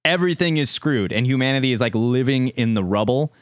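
A man's voice: medium pitch, expressive, fairly quick, no echo, studio quality. A man co-hosting a comic book podcast, chatting with enthusiasm and hyping his picks. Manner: enthusiastic, hyped announcer bursts. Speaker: podcast co-host.

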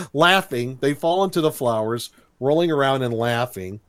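A man's voice: mid-range voice, expressive, a little slow. A man chatting casually on a podcast, retelling a cartoon episode with laughs and silly quoted voices. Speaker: podcast co-host recapping a cartoon. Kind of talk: casual chat.

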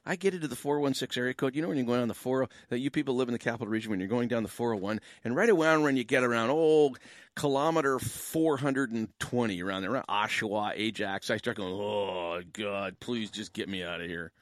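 A man's voice: mid-range voice, fast talker, no echo, studio quality. A Canadian man hosting a call-in talk radio show as a pastor, chatting in a joking, rambling way with lots of asides.

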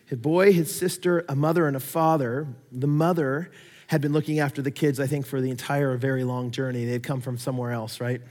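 A man preaching a sermon, telling stories with animated swings between loud emphasis and quiet asides. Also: medium pitch, a little fast, in a large hall. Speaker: pastor.

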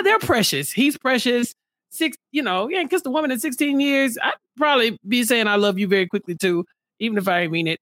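A man co-hosting a podcast in casual chat, talking in an animated, playful, slangy way and acting out what people said. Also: sits high, no room sound, clean studio sound. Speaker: podcast co-host.

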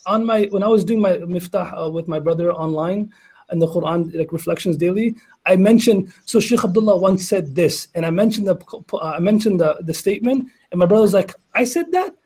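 A man with a fairly high, husky voice talks in a casual religious panel discussion. He tells stories in an animated way and acts out what people said. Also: fairly quick, poor audio. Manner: animated storyteller, acts out dialogue.

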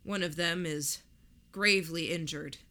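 A woman voicing a calm male reverend who speaks gravely, slowly and with pauses. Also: lowish voice.

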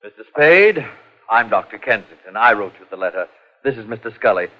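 A man's voice: lowish voice, animated, fairly quick, natural voice. An actor playing a pompous, fussy male physician who talks at length, hemming and coughing, in 1940s radio acting. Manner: pompous, long-winded, hemming with uhs and coughs. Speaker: doctor. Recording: muffled 1940s radio broadcast.

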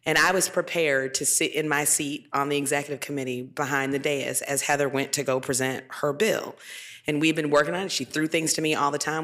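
A woman legislator speaking on a live panel, animated and laughing often as she acts out quoted voices. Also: sits low. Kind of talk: candid panel storytelling at a live taping. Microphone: handheld microphone at a live event.

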